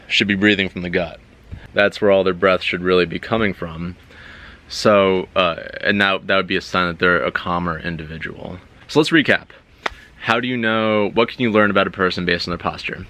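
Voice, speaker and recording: Man vlogger, very low voice with a bright, forceful edge, rambling casual talk to camera. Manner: loose, rambling, many fillers and restarts. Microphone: own camera.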